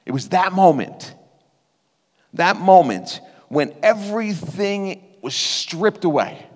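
A man's voice: high voice, expressive, takes it slowly. A man preaching a sermon and sharing a personal testimony in an earnest, conversational way that turns emotional. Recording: reverberant hall.

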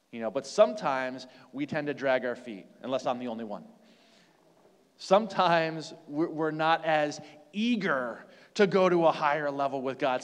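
Brief: American male preacher, slightly high pitch, chatty sermon, long echo of a big hall. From United States. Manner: conversational preaching, rhetorical questions, swings between loud and hushed.

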